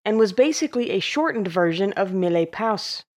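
A woman's voice: mid-range voice, animated, normal speed, darkish tone. A woman hosting a podcast, talking in a playful, self-mocking way. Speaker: podcast host. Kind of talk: scripted podcast outro and blooper chat.

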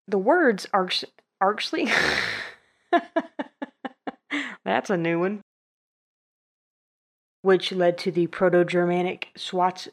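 Giggly flustered woman stumbling over words. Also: lowish voice. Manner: giggly, flustered, self-mocking, repeats hard words slowly. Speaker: video host reading a script. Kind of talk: casual blooper-reel reading.

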